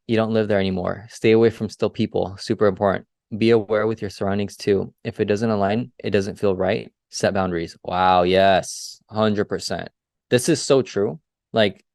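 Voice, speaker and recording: A young man co-hosting a casual motivational business talk. He is energetic, asks rhetorical questions and keeps adding "right?" and "like". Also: on the low side, no room sound, studio quality. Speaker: podcast co-host and business coach.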